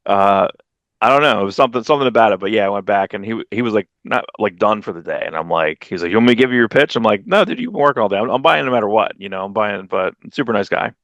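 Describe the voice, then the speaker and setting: Low-voiced guy rambling thru a con story on a podcast, jumps way up when quoting people, dry sound. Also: quick pace, fairly bright tone, no room sound, highs cut off. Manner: rambling storyteller, acts out quotes with sudden jumps in pitch. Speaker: podcast co-host. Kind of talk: casual chat.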